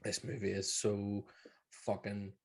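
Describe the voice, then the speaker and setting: A man's voice: fairly low pitch, monotone, slow pace, a little mellow. A man with a Northern Irish accent co-hosting a podcast, retelling film scenes in casual, swearing, laugh-filled chat. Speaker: podcast co-host.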